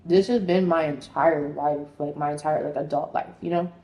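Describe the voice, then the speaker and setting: A woman's voice: deep voice, steady tone, moderate pace, dark tone. A young woman in her twenties rambling in a casual vlog at home, scattered and frantic, swearing and filling with "like". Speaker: vlogger. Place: apartment. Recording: echoey room with faint noise.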